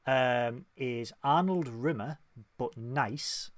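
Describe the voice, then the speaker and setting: A man's voice: mid-range voice, takes it slowly, dry recording. Jokey Northern English man, dry sound. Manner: enthusiastic, jokey, sings snatches badly. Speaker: podcast co-host reviewing episodes. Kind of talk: casual review chat.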